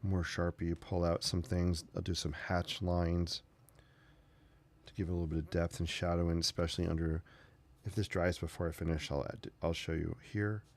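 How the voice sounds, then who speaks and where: A man's voice: low-pitched, little pitch movement, moderate pace, vocal fry. A man hosting a casual painting tutorial, rambling through chatty asides as he works. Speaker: sketching channel host.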